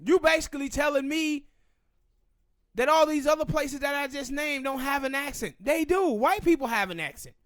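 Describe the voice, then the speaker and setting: Southern male podcast host, high-pitched, opinionated, talks with hard emphasis. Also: a bit bright, no echo, studio quality. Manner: emphatic, ranting, drawn-out pauses. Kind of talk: opinionated casual commentary.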